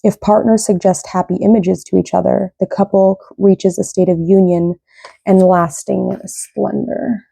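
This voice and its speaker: A young woman reads tarot in a loose, rambling way, checking in with "right?" again and again. Her low voice has a gravelly fry and a dark, mellow tone. It sounds dry and close, with almost no room around it. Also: dry recording. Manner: rambling, tags sentences with "right?". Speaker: tarot reader. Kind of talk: casual tarot reading.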